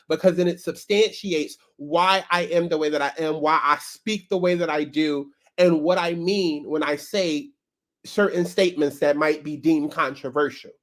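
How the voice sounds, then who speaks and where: A woman hosting a casual commentary vlog, talking bluntly and sassily and calling her viewers baby and child. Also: low voice. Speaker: commentary YouTuber.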